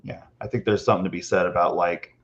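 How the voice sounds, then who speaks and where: A man co-hosting a podcast and interviewing a guest, thoughtful and heavy on fillers. His voice is deep. The sound is muffled and lo-fi. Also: steady tone, fast talker. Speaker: podcast co-host. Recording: dull lo-fi sound.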